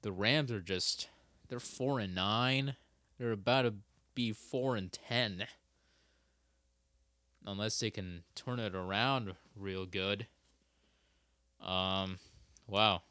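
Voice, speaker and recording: A young man with a lowish, slightly bright voice hosts a casual solo podcast, recorded cleanly in a studio with no echo. He rambles, cuts himself off mid-sentence, and swears a lot.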